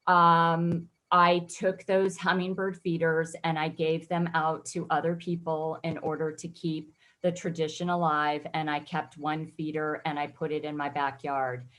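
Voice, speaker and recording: Low-voiced earnest woman telling her story. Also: level tone, a little slow, few pauses, fairly bright tone. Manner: reflective, earnest, emotional at times. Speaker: guest photographer. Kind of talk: personal interview storytelling.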